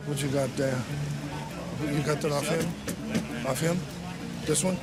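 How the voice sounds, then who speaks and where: A man on a reality show clip who talks in a low mumble with a put-on drawl. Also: fairly even intonation, slow pace, over loud music. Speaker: reserve lawman on a reality show.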